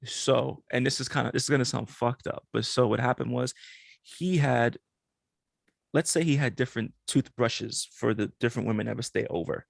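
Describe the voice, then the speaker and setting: Man, young adult, gravelly voice, relaxed storytelling, casual podcast, dry mic. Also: medium pitch, normal speed, no echo. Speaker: podcast co-host.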